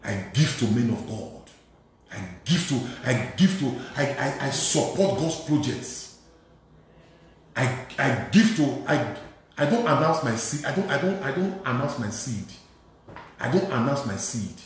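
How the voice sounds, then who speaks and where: A priest preaching a sermon, telling a testimony with emphatic repetition and acting out the dialogue. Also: male voice, medium pitch, lively intonation, a little slow. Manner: emphatic, repeats phrases, acts out dialogue. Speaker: Catholic priest. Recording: very echoey hall.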